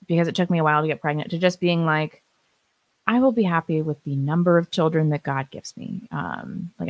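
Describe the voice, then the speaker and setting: Woman with a low voice, live-stream co-host, lively storyteller, dry close mic. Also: no room sound. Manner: animated storyteller who acts out quotes, laughs often. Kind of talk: casual chat, telling a birth story.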